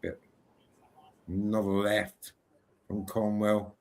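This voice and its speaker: A man from Britain co-hosting a live boxing watchalong, excitable and energetic in his play-by-play. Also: lowish voice, slow pace. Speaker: co-host.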